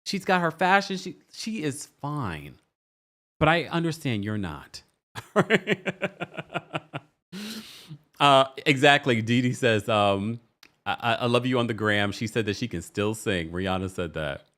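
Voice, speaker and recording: A man's voice: medium pitch, lively intonation, measured pace, fairly bright tone. A man, hosting a casual livestream, chatting, laughing and reading viewer comments aloud. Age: 40s. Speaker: host.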